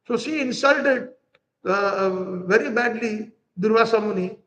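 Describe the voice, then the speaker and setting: A man's voice: high voice, a little slow, fairly bright tone, poor audio. A middle-aged male preacher, giving a devotional lecture and telling a story, explaining terms and acting out characters.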